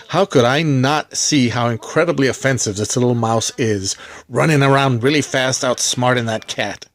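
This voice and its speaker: A man's voice: mid-range voice, moderate pace. A middle-aged man hosting his own movie channel, delivering satirical commentary in a mock-sincere, heavily sarcastic tone. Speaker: movie collector vlogger.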